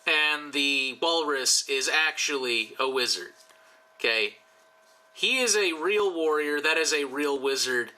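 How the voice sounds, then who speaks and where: This YouTuber, a man, draws commissioned art for his channel while tipsy, rambling casually and joking with profane asides. His voice is a little high, unhurried, pushed and bright, and the audio is poor.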